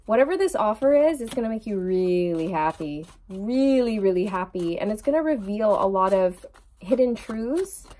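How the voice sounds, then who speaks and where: Young woman doing a chatty tarot reading, warm mellow voice, laughs a lot. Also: mid-range voice, animated, normal speed. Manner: chatty, laughs often, addresses viewer as girl. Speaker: tarot reader.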